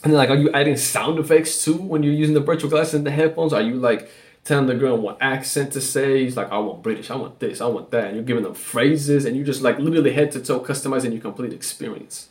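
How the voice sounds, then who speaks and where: A man's voice: mid-range voice, steady tone, quick pace, a little mellow. A man hosting a solo podcast and rambling casually, with lots of swearing and "like" fillers. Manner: loose and profane, with many "like" fillers. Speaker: podcast host.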